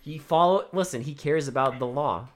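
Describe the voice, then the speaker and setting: A man's voice: a little high, normal speed. A young man co-hosting a casual movie podcast. He talks in a laid-back, joking way and swears now and then. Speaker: podcast co-host. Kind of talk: casual movie review chat.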